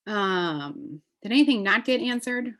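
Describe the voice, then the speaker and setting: A woman's voice: mid-range voice, expressive, measured pace. Chatty, upbeat woman hosting a live online class over a computer mic. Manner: enthusiastic, chatty, many fillers. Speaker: essential oils presenter.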